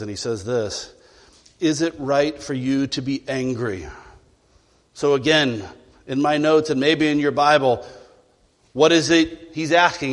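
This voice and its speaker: A male pastor delivers an emphatic sermon packed with rhetorical questions, his medium-pitched voice filling a large church sanctuary.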